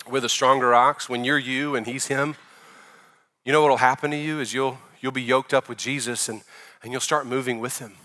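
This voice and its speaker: A male pastor in his forties delivering a sermon in a bright, forceful voice. He preaches conversationally, pushing some phrases out loud and letting others fall to a near hush. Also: mid-range voice. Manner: conversational preaching, rising loud for emphasis then dropping soft.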